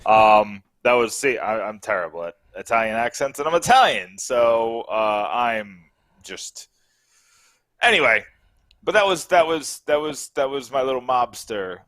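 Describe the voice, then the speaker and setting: A man's voice: medium pitch, animated, measured pace, a bit bright, no echo. A man co-hosting a sports podcast in casual, rambling, upbeat chat. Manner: rambling, upbeat, restarts often. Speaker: podcast co-host.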